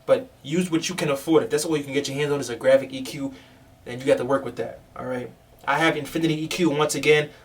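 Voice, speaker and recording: A man's voice: mid-range voice, fairly even intonation, quick pace, recorded from a distance. A man, a music producer, casually walking through a tutorial on his screen, loose and chatty with fillers. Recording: voice a bit off-mic over music.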